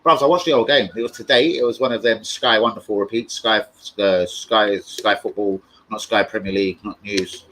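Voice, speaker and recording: A young man chatting casually and excitably on a live stream, swearing freely as he reads chat. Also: on the low side, fairly quick, hardly any pauses, a little hiss or hum, low-quality recording. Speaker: fan channel live streamer.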